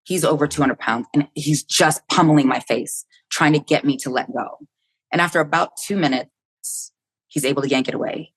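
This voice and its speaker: A woman's voice: deep voice, normal speed, slightly rough. A woman in her fifties from the United States, speaking as a podcast guest. She tells a personal story candidly and vividly, voicing her own thoughts aloud and swearing freely along the way.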